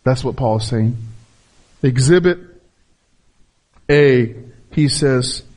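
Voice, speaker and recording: A man's voice: mid-range voice, slow, a little mellow. A man, a pastor, preaching a sermon with emphatic repetition and rhetorical questions to his listeners.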